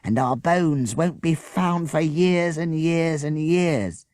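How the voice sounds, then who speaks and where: A man's voice: a little high, takes it slowly, darkish tone, no echo, studio quality, pitched above the performer's own voice. A man voicing a gloomy, dramatic young schoolgirl who speaks solemnly of disaster. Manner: solemn and doom-laden.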